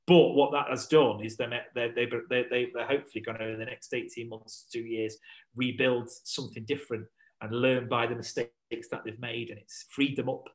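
A survival instructor appearing as a podcast guest keeps a steady tone and a brisk pace at medium pitch. He rambles casually, restarting often and leaning on fillers, and the recording is low quality.

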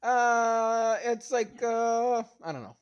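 A man chatting as a podcast guest, animated and profane, often breaking into laughter. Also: extremely high pitch, slow pace, smooth, lo-fi sound. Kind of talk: casual chat.

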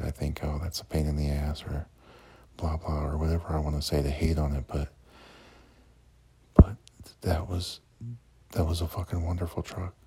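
A man with an extremely deep, very husky voice tells a rambling story about his day. He swears freely and keeps restarting his sentences. His delivery stays flat and his tone is dark. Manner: rambling, profane, many fillers and restarts. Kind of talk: casual storytelling.

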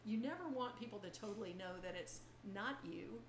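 An older woman, a veteran voice actor, chatting as a podcast guest in a relaxed, good-humored way. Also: medium pitch, fairly quick. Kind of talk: casual chat. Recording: echoey room with faint noise.

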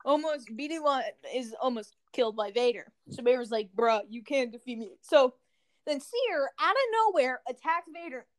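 Brief: female podcast host, high bright pitch, rambling jokey recap, casual. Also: animated, normal speed, poor audio. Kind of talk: casual game review chat.

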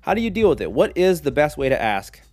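A man hosting a solo podcast, talking casually in a jokey, animated way with lots of tangents. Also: on the high side, quick pace. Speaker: podcast host.

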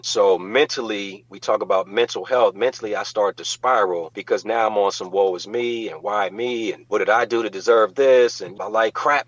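A man's voice: on the low side, husky, no echo, lo-fi sound. A man, a guest on an interview show, telling a personal story in casual talk and acting out the voices of people in it. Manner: animated, acts out quoted voices.

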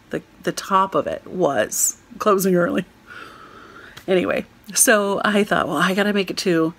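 An American woman recounts a trip as a lively, self-mocking storyteller. Her voice has a gravelly, creaky edge. She laughs often as she talks. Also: lowish voice. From United States. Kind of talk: storytelling on community radio.

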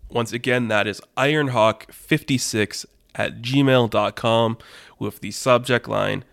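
A man's voice: mid-range voice, slow pace, creaky, a bit bright. A man hosting a podcast, telling an improvised story casually, rambling and restarting as he goes. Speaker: podcast host.

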